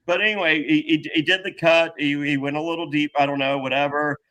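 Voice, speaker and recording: Excitable middle-aged man, bright voice. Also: fairly high pitch, fairly quick, poor audio. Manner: rambling, profane, excitable, many restarts. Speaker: podcast host. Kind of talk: casual storytelling chat.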